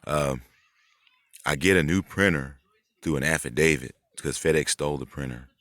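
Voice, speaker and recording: A man's voice: a bass voice, moderate pace, fairly bright tone, no echo, studio quality. A man hosting his own vlog, talking in a loose, rambling monologue full of swearing, fillers and restarts. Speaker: channel host.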